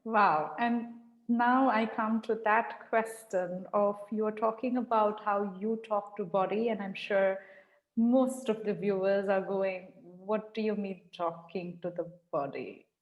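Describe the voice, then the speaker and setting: A woman hosting an interview over a video call, asking slow, careful questions. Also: mid-range voice, fairly even intonation, reverberant, long reverb tail, dull audio. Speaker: host.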